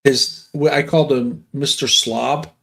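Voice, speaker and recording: A man's voice: medium pitch, steady tone, measured pace, creaky, a bit bright. A middle-aged man telling stories in a blunt, profane, ranting way on a casual chat show.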